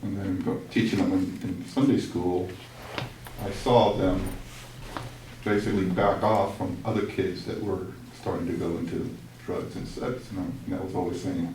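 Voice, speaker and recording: A middle-aged father reflectively sharing a story in a workshop group discussion, speaking haltingly. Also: deep voice, fairly even intonation, dark tone, slight background noise. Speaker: workshop participant, parent. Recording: distant, very echoey room mic.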